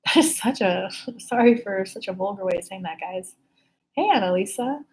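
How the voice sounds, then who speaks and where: A woman's voice: mid-range voice, animated, moderate pace, darkish tone. A woman working as an intuitive life coach, chatting casually on a live stream and answering viewer questions, candid, swearing freely, with whooping exclamations.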